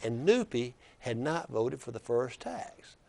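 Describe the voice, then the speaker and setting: A man's voice: medium pitch, sing-song, unhurried, creaky, mellow. An older man, hosting a political talk show and telling rambling, folksy anecdotes with frequent restarts. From Alabama. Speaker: political commentator and show host. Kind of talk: casual storytelling chat.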